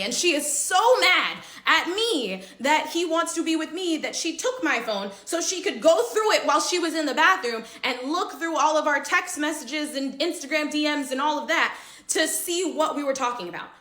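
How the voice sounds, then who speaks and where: A woman's voice: sits high, roomy sound. A young woman casually telling a dramatic story about a friend while she gets ready, and she acts out the dialogue. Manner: animated, dramatic retelling with quoted dialogue.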